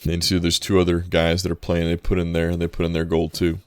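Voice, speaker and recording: A man with a very low voice narrates a tabletop game as its game master. He talks in a loose, halting way, full of fillers and restarts. The sound is dry and close. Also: monotone, clear, resonant tone, dry recording.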